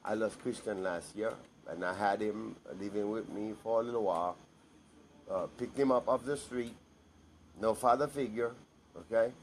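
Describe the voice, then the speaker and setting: A man's voice: lowish voice, normal speed, a little hiss or hum. A man giving a blunt, emphatic personal monologue to camera, repeating himself for stress.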